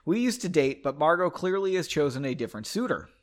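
Man doing a friendly easygoing guy, storybook, lively pitch. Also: fast. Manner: friendly, light tone.

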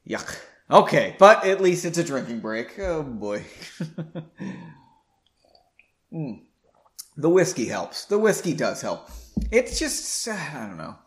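A man's voice: fairly high pitch, very animated, slow, pauses often. Sarcastic man mocking a story. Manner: sarcastic, laughing at the text. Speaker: reader. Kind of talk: reading a story aloud with mocking commentary.

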